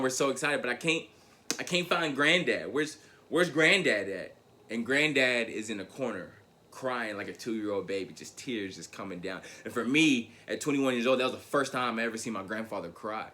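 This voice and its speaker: Brief: man, 30s, keynote speaker, bright forceful tone, emphatic storytelling. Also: mid-range voice. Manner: emphatic storytelling with repeated words and rising emphasis. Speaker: motivational speaker. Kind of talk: motivational keynote speech.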